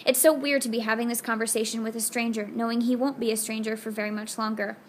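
A woman's voice: on the high side, level tone, fast talker, slight background noise. A woman reading a first-person audiobook in an earnest, intimate storytelling manner. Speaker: audiobook narrator. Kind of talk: scripted first-person narration.

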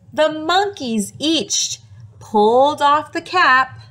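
A woman teacher reads a picture book aloud to small children, gasping for effect and pausing to ask them questions. Her voice sits fairly high and leaps all over in pitch, taken at an unhurried, deliberate pace. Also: expressive, fairly bright tone. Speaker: preschool teacher.

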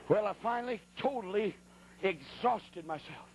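A man preaching a sermon as a colloquial, animated story, acting out sounds and voices. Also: high voice, normal speed, vocal fry, slight background noise.

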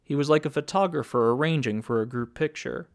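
A man reading a story aloud as audiobook narrator, in plain, even storytelling. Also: medium pitch, fairly quick, creaky. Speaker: audiobook reader. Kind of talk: scripted narration.

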